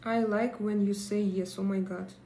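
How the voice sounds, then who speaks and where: A woman's voice: mid-range voice, steady tone, moderate pace, dark tone, roomy sound, slight background noise. A woman with a Russian accent, hosting a casual live stream, chatting with her viewers and reading their comments, with many fillers and hesitations. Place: home in Denmark.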